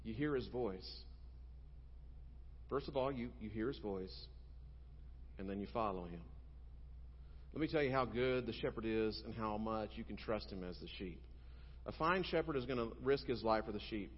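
A male pastor preaching a sermon, telling stories emphatically and moving between loud and quiet. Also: fairly low pitch, moderate pace, pauses often, a little hiss or hum. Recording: dull sound with long hall reverb.

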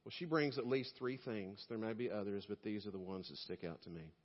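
A male pastor preaching a sermon, telling stories and swinging between loud emphasis and quiet asides. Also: lowish voice, brisk, long reverb tail, lo-fi sound.

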